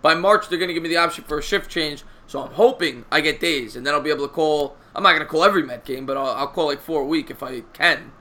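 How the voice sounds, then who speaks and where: Bright-voiced man chatting casually. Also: a little high, fast talker, hardly any pauses. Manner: rambling, laughs often. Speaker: live stream host. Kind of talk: casual chat.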